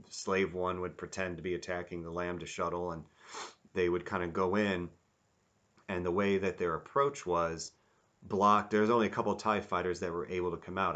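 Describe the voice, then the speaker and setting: A man giving a rambling, casual review, animated and acting out quotes in mock voices. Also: low-pitched. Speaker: YouTube reviewer.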